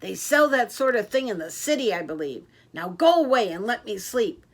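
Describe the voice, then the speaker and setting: A woman voicing a grumpy, sleepy, deaf old male owl in a storybook, speaking loud and curt. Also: fairly high pitch, sing-song, moderate pace. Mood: dismissive. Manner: gruff and curt.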